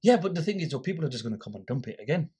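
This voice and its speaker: Casting: man, husky voice, animated anecdote teller who voices both sides of a quarrel. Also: on the high side, racing. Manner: animated storyteller, acts out quoted dialogue. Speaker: guest, volunteer litter picker. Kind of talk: casual storytelling interview.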